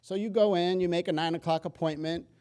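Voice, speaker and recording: A man with a fairly high voice speaks to an audience from a stage. He delivers his talk as a story, full of humorous asides, with lively energy. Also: a little fast, smooth. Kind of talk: public health talk.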